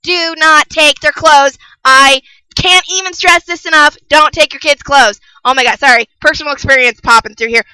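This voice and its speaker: A young woman giving a casual spoken book review, passionate and ranting, who repeats herself for emphasis and yells about parents. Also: high-pitched, brisk, dry recording, low-quality recording.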